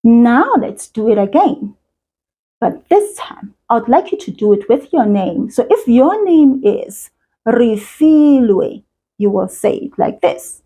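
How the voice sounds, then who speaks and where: Slow, patient South African woman teacher. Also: a little high, expressive, warm tone, poor audio. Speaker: language teacher. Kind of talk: children's language lesson.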